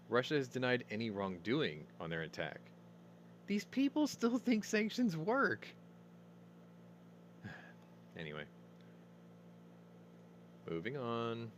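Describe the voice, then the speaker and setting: A man's voice: fairly low pitch, slight background noise. A man hosting a casual news commentary show, rambling and opinionated, swearing as he talks. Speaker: host.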